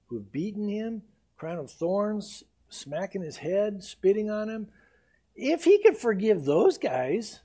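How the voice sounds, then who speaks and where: Impassioned preacher man with a high, mellow voice. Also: husky. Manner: impassioned preaching, rising loud on scripture, dropping soft and intimate. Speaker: pastor. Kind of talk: sermon.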